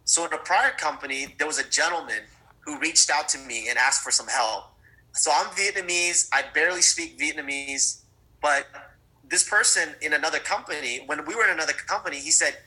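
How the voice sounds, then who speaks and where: A middle-aged man telling a story in a sales training talk. He is animated, often restarts and repeats words, and speaks straight to his audience. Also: on the high side, a little fast, low-quality recording. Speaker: network marketing trainer.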